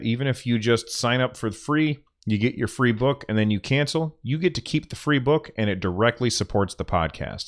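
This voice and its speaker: A man hosting a podcast, reading sponsor spots casually and muttering to himself when the recording software fails. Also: mid-range voice. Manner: offhand, restarts and mutters at tech trouble. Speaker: podcast host.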